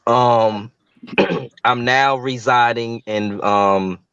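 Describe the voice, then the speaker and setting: Guest: an upbeat man from Newark with a smooth voice on muffled, lo-fi audio. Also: medium pitch, drawn-out words, fairly bright tone, no echo. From Newark, New Jersey. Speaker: guest panelist. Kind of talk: casual panel chat.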